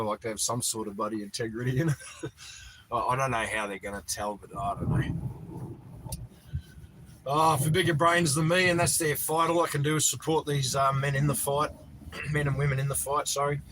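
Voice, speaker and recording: A man's voice: medium pitch, sharp tone, slight background noise, low-quality recording. Chatty man greeting his livestream viewers. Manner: chatty, reads out viewer names and greets them. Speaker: livestream host. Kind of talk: casual livestream chat reading comments. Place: outdoors in the cold.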